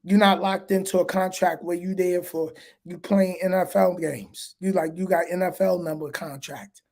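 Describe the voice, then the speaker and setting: A man hosting a casual livestream as a trucker, talking in a relaxed, slangy way and reading viewer questions aloud. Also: sits high, moderate pace. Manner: laid-back, slangy, laughs often.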